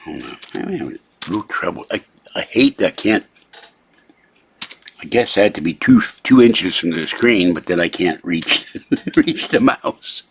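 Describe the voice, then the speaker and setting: Irritated man ranting, a bit low. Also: lively intonation, unhurried, vocal fry, slight background noise. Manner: irritated, complaining, rambling. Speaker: channel host. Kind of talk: casual live video rant. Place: room at his computer.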